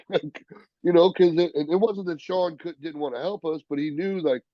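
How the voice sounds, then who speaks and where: A man, a professional wrestler, telling stories in a casual interview, profane and animated, acting out the people he quotes. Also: on the high side, normal speed, no echo, dull audio.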